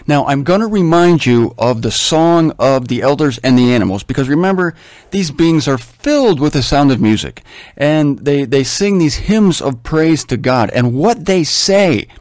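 A man teaching through a Bible passage in a conversational, animated way, with wry asides and humor. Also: fairly high pitch, moderate pace, dry recording, clean studio sound.

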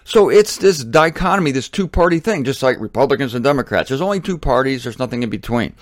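A middle-aged Christian teacher from Ohio talks about faith in a blunt, fervent monologue, speaking quickly and expressively at a plain middle pitch. He pushes up into emphatic bursts to make his points. The recording is dry and close, with no room sound.

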